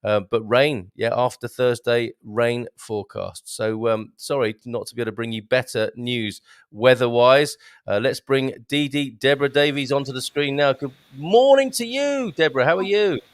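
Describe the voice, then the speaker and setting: A man's voice: mid-range voice, normal speed, no echo. A man hosting a casual live-stream show from Portugal over a video call, chatting and reading out viewers' comments. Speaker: host. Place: home in Portugal.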